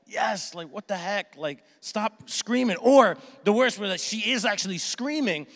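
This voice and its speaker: A middle-aged male pastor preaches with a bright, forceful voice that rings through a big reverberant hall. He talks with an energetic, jokey delivery and acts out his family by shouting their lines. His pitch sits a little high for a man. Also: measured pace. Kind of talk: sermon. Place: church sanctuary with congregation.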